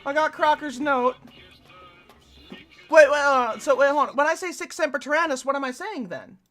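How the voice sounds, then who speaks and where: Excitable female streamer, bright high voice, chatty and profane. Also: moderate pace, soft background music. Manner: excitable and talkative, swears freely. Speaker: live streamer reacting to a video. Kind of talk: casual stream reaction.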